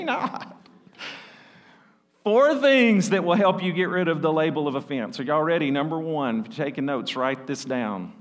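A man pastor preaching a sermon, lively and laughing often as he mimics voices. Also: medium pitch. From South Arkansas. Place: church sanctuary. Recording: long reverb of a church hall.

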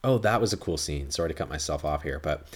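This podcast host has a very deep, slightly rough voice with lively intonation, and he talks fast. Reviewing a film in a casual chat, he rambles, swears freely, and acts out dialogue.

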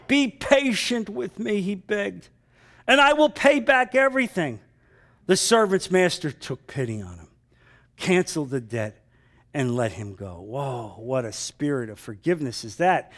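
A man pastor preaching a sermon, dramatic, sometimes dropping to a hushed, emotional tone. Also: on the high side.

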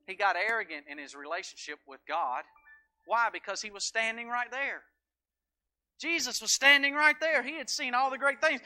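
A man with a Southern American accent preaching a sermon, moving from hushed storytelling to shouted preaching and calling on people in the congregation by name. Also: extremely high pitch, animated, normal speed, pauses often. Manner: calls on congregation members by name. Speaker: pastor. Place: church sanctuary.

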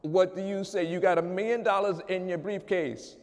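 A man's voice: high-pitched, fairly even intonation, moderate pace, long reverb tail. A man preaching a sermon as pastor, telling a story and building to emphatic call-outs to the congregation. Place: church sanctuary.

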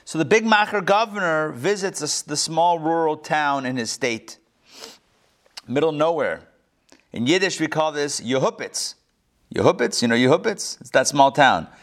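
A man's voice: a little high, moderate pace. A middle-aged man teaching a class, telling jokes and asking his listeners questions as he goes. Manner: animated storyteller, joking and asking the class questions. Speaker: class instructor. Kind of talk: lecture with jokes to a live class.

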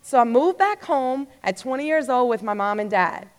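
A woman in her thirties giving a personal testimony, telling her story in an animated way and acting out her own past thoughts. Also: on the high side, moderate pace. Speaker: speaker sharing her testimony. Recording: long hall reverb.

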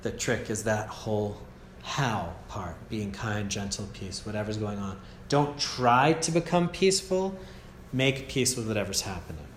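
A man with an American accent giving a gentle, casual meditation teaching at a retreat, often checking in with "yeah?". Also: fairly low pitch, animated, measured pace, a little hiss or hum. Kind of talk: relaxed meditation talk. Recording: echoey room, faint ambience.

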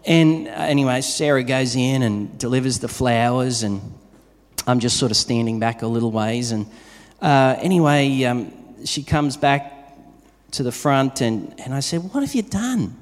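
A man preaches in a relaxed, conversational manner, weaving everyday stories into his sermon. His voice sits at an ordinary middle pitch. The sound rings with the long reverb of a large hall. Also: measured pace. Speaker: pastor.

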